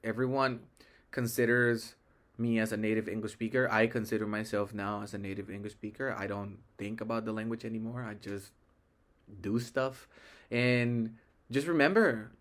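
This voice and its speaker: A man's voice: lowish voice, steady tone, moderate pace, a bit bright. A young man from Mexico whose first language is Spanish, talking casually and rambling as host of a solo podcast, often correcting himself mid-sentence. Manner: rambling, self-correcting, easygoing.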